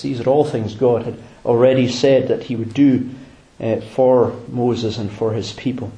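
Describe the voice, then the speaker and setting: A man preaching a sermon in a measured, reflective way, pausing on fillers and restarting phrases. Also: medium pitch, fairly even intonation, dark tone, roomy sound, low-quality recording.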